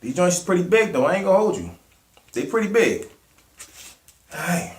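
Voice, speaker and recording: A man's voice: high voice, sing-song, normal speed, pauses often, roomy sound, slight background noise. Laid-back Maryland man, slangy vlog talk. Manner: laid-back slangy, calls viewers family. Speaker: mukbang vlogger. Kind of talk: casual eating vlog.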